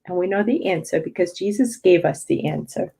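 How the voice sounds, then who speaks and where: A woman's voice: lowish voice, gravelly, warm tone, slightly rough, rough recording. A woman hosting an online spiritual study group, reading passages and adding emphatic, reflective commentary. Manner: slow, emphatic, reflective delivery.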